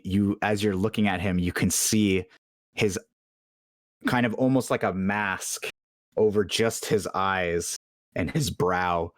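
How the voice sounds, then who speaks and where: A man narrating a tabletop game as game master in an unhurried, casual way. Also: fairly low pitch, a bit bright, dry recording, clean studio sound.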